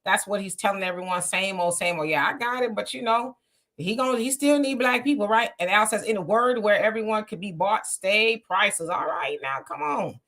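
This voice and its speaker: A woman's voice: mid-range voice, lively intonation, normal speed, a bit bright. A woman hosting a live political stream, greeting viewers by name and reading their comments aloud in a casual, emphatic way. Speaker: livestream host.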